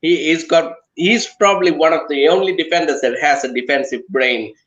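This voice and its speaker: A man's voice: fairly high pitch, brisk, a bit bright, muffled recording. A man in a casual football chat, talking earnestly and often checking in with "you know" and "right". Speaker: guest on a watch-along.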